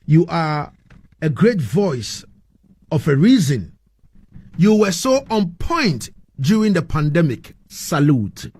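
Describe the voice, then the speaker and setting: A man hosting a radio interview, effusive and warm in his praise, often repeating words as he gathers his thoughts. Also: on the high side, big pitch swings, takes it slowly, breathy edge. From Ghana. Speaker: radio show host.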